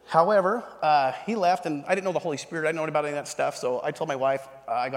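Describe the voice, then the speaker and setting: A man in his thirties giving a sermon testimony, telling the story with animated storytelling and acting out the voices of the people in it. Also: a little high, racing. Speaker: pastor. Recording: reverberant hall.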